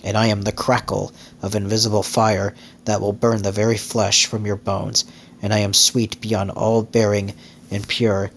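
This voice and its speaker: A man's voice: fairly low pitch, little pitch movement, slight background noise, close to an everyday voice. A man reading as a dreamy starlet. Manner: slow, rapturous, incantatory. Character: dreamy glamorous young actress, woman.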